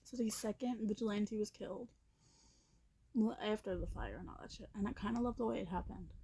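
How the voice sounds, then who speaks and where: A young woman casually recapping a movie while she watches it at her computer, blunt and profane, with animated reactions and quiet asides. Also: mid-range voice, a little fast, husky.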